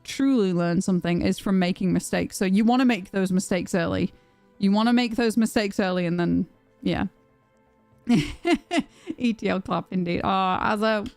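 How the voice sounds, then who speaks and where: A woman's voice: mid-range voice, unhurried, long pauses, no room sound, faint music behind. A young woman streaming from home, chatting casually with viewers, swearing and reading their messages aloud. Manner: animated, swearing, reads chat aloud. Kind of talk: casual livestream chat.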